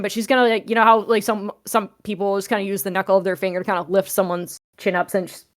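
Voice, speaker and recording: A woman plays in a tabletop game and describes what her character does. She rambles loosely and leans on fillers throughout. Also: mid-range voice. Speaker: player.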